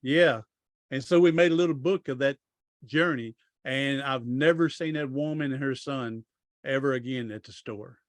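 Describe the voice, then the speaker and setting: Recorded dry with clean studio sound, this medium-pitched voice speaks at a normal speed. It's a middle-aged author and speaker guesting on a podcast, spinning long, folksy, rambling stories in a casual interview and frequently starting his sentences over.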